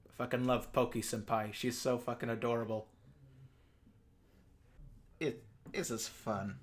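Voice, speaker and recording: A man giving a profane, rambling rant as a YouTube commentator. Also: medium pitch. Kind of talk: ranting commentary.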